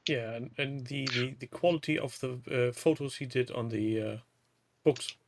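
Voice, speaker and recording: A man chatting as a guest, halting and repeating words as he starts sentences. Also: mid-range voice, gravelly, a little hiss or hum. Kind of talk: casual chat.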